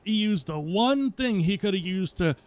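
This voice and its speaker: A man voicing a boisterous, bearded male adventurer who speaks with loud, gruff exclamations. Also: high voice, lively intonation, moderate pace, voice pushed up. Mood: excited.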